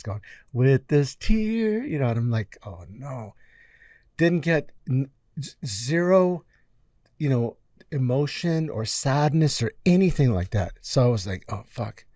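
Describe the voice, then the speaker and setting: A man's voice: medium pitch, moderate pace, no echo. A middle-aged man, a music producer guest, telling stories casually in an interview, acting out quotes with lots of fillers. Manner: animated storyteller acting out quotes, many fillers.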